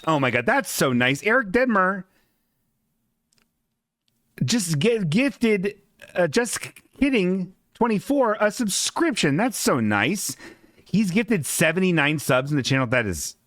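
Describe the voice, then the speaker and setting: Rambling man with a lively pitch. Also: dry recording, studio quality. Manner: rambling, halting with many restarts and swearing asides. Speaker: podcast host. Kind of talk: casual livestream chat, reading a comic aloud.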